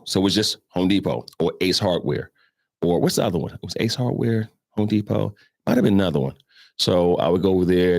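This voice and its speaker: Man, New York accent, middle-aged, deep voice, rambling profane storytelling, dry close mic. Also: no room sound. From Brooklyn, New York. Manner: rambling, profane, with asides to listeners. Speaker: morning show host. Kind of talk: casual storytelling chat.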